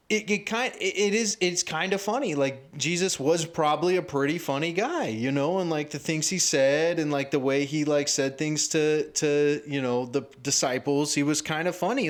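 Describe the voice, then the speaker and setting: A man who does stand-up comedy, chatting casually on a podcast, rambling with lots of fillers and jumping into animated quoted voices. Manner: rambling, filler-heavy, acts out quotes with rising pitch.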